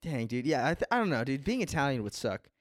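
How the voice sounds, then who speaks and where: A man's voice: medium pitch, sing-song, fast, dry recording, studio quality. A young man chatting casually as a podcast co-host, rambling and laid-back, with lots of "like" and "dude". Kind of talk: casual chat.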